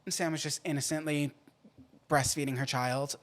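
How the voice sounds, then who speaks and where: A man hosting a podcast in a casual, playful way, swinging between loud outbursts and quiet asides. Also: a little high, fairly even intonation, moderate pace. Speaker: podcast host.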